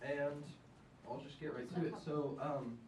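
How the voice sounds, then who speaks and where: A man's voice: a little high, fairly even intonation, a little slow, far from the mic. A young man doing a live stand-up set in a diner, rambling and self-mocking with many ums. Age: young adult. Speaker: stand-up comedian. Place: diner in front of an audience. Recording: echoey room, mic from afar, faint noise.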